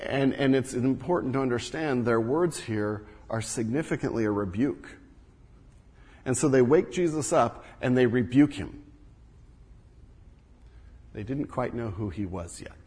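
A man preaching a sermon as pastor, moving between loud emphatic bursts and hushed low asides. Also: measured pace, pauses often, breathy edge. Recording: long reverb of a large hall.

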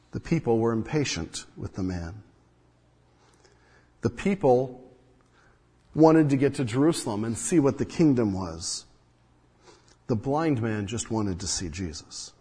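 In a hall with long reverb, a pastor preaches earnestly in a mid-range, slightly rough voice with lively intonation. He speaks slowly with long pauses, acting out quotes as his volume climbs and falls.

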